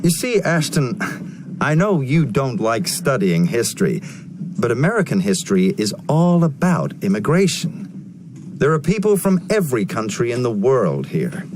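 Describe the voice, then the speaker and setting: A man's voice: medium pitch, moderate pace, close to an everyday voice. A man playing a patient, probing history teacher. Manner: calm, questioning. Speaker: teacher in textbook dialogue. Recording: textbook audio with background noise.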